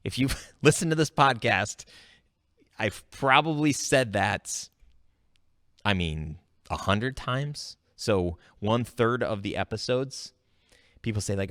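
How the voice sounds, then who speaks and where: Deep-voiced man hosting a podcast. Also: slow, no room sound, clean studio sound. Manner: animated storytelling, jumps high when quoting himself. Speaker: podcast host. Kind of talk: casual solo podcast monologue.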